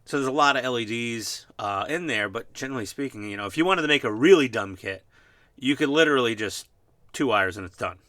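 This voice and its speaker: A New Yorker with a New York accent chats casually at his home hobby workbench while building a scale model. His voice is medium-pitched, animated, fairly quick and fairly bright with no echo, and he rambles and pokes fun at himself with lots of fillers.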